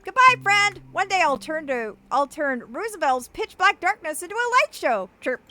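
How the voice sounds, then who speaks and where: A woman's voice: big pitch swings, moderate pace, bright, forceful tone, slight background noise, exaggerated voice. A woman voicing a gloomy, self-pitying little origami bird from a game, chirping as she talks. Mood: chipper. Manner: chirping, whiny and squeaky.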